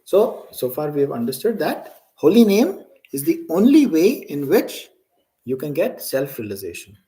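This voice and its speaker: A man's voice: on the high side, big pitch swings, moderate pace, warm tone, low-quality recording. A man teaching a scripture class, asking students questions and often checking in with "right?".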